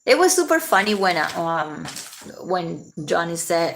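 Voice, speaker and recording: A woman's voice: fairly low pitch, sing-song, unhurried, fairly bright tone. A woman vlogging casually, rambling and laughing often as she talks. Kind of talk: casual commentary to camera.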